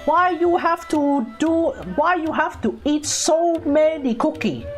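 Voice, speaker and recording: A woman's voice: high voice, slow pace, over music, pitched above the performer's own voice. A woman putting on the voice of an exasperated, nagging grandmother with broken grammar. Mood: scolding. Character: scolding old grandmother, exasperated.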